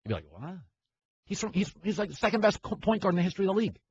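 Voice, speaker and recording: Rapid-fire and high-voiced, with big pitch swings and a darkish, slightly rough tone, a man hosts a sports talk show with no room sound. He's opinionated and rambling, repeatedly cutting himself off and starting over. There is slight muffling and a faint hiss.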